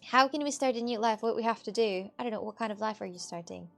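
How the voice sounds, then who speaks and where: A woman streams live and chats casually, answering viewers in a teasing tone. Her voice sits a bit high and has a gravelly fry running through it. Soft music plays underneath her. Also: quick pace. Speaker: livestreamer reading chat.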